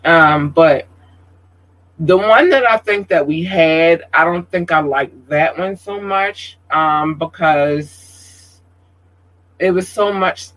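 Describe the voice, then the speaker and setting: A fairly high-voiced man with a drawl chats loosely on his livestream. He talks with open emotion, plain-spoken and cursing freely, in an animated, heart-on-sleeve way. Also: takes it slowly, low-quality recording. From Georgia, USA. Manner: emotional, outspoken, profane, animated. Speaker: livestream host. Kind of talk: casual livestream chat.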